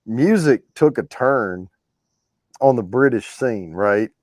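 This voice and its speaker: A man's voice: mid-range voice, expressive, takes it slowly, a little mellow, no room sound, studio quality. A man hosting a giveaway show, chatting casually about classic rock, rambling with frequent restarts. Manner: rambling, restarts often, storytelling.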